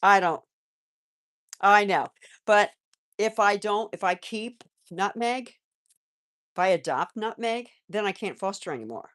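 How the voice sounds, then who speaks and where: A woman hosting a live stream about her pet rabbits, chatting casually and talking softly to the animals. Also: mid-range voice, lively intonation, slow pace, long pauses. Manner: chatty, rambling, with restarts; soft baby-talk to pets, often away from the mic. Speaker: pet channel host.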